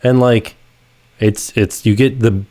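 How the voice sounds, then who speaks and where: A man co-hosts a live stream with relaxed, meandering chat. He often drifts off mid-sentence and circles back, like friends talking on a couch. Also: on the low side, slow. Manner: rambling, trails off and restarts. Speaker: co-host.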